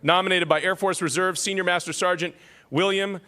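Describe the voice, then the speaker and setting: A man's voice: high voice, fairly even intonation, brisk, sharp tone. A man emceeing an awards ceremony, reading citations with self-deprecating joking asides.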